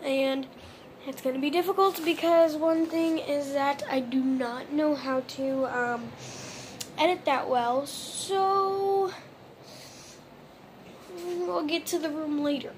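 High-voiced woman rambling slowly at home. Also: a little hiss or hum. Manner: rambling and self-mocking, drifting from mumbles to sudden loud bursts. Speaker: vlogger. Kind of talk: casual rambling vlog. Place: at home, lying on her bedroom floor.

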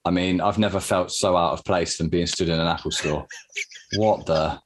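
A man's voice: low voice, steady tone, moderate pace, slight background noise. A British man in his thirties, a podcast guest chatting casually and laughing often. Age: 30s. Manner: laid-back, laughs often, says mate a lot. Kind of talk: casual chat.

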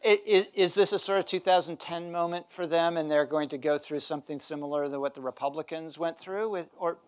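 Higher-voiced man moderating a panel. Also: steady tone. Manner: brisk questions and short acknowledgments. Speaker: moderator professor.

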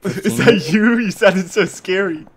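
A man chatting and reacting excitably while playing a game with friends. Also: sits high, measured pace, breathy edge. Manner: excitable, laughing, yelps often. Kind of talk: casual gaming chat.

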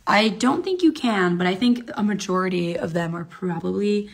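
A woman's voice: medium pitch, normal speed, gravelly, slightly rough. A young woman hosting a casual live stream from home, talking in a hyper, rambling, giddy way into her phone. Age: young adult. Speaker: livestream host. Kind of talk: casual livestream chat. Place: at home, alone.

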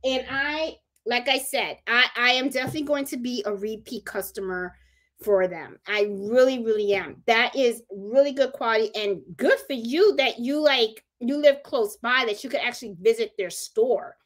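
Puerto rican lady chatting on her craft livestream, higher voice, says things twice for emphasis. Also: normal speed, fairly bright tone. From Puerto Rico. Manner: chatty, repeats herself for emphasis. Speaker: crafting channel host. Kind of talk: casual live-stream chat.

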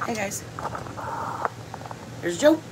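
A woman's voice: mid-range voice, lively intonation, very slow, noisy background. A woman hosting a casual cooking livestream at home, chatting to viewers and explaining each step as she eats. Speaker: cooking channel host.

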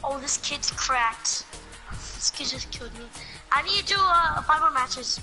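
A teenage boy bantering over voice chat while gaming, loud and swearing, laughing often. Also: very high-pitched, expressive, a little slow. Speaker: friend on voice chat. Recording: game music behind the voice.

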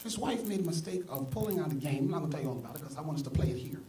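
A male pastor preaching a sermon, swinging from soft asides to loud exclamations. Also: fairly high pitch, expressive, rapid-fire, distant mic. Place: church sanctuary. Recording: echoey church hall, mic from afar, congregation audible. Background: congregation.

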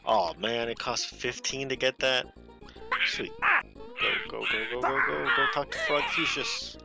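A man giving lively let's play commentary, laughing and talking back to game characters. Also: mid-range voice, unhurried, gravelly, loud music behind the voice. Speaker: gaming video host.

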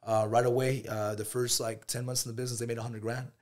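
A man's voice: medium pitch, fast. A man in his thirties, a podcast guest, telling his story in casual chat, acting out the dialogue and calling everyone "bro". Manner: animated storyteller, acts out dialogue, says "bro" constantly.

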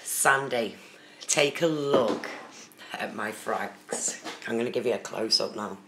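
A host chats casually with viewers on a phone live stream, addressing people in the chat by name. The voice is mid-range, slow, and fairly bright, picked up by a phone camera in a roomy space with faint background noise.

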